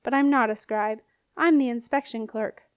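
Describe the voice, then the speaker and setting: A woman's voice: fairly high pitch, moderate pace, clean tone, no echo, clean studio sound, natural voice. Woman reading a nervous young clerk. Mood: businesslike. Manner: matter-of-fact, businesslike. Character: young male clerk, nervous but dutiful.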